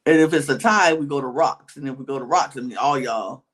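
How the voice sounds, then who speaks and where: A podcast co-host recapping a reality show in casual chat, acting out the other people's lines, sometimes in whispers, with drawn-out colloquial exclamations. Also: medium pitch, fairly bright tone.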